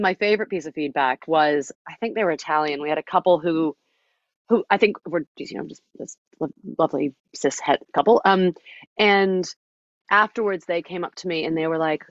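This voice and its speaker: A woman's voice: fairly low pitch, dry recording, muffled recording. A woman performer being interviewed, chatting with lots of "like" and "you know". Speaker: guest performer. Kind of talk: casual interview chat.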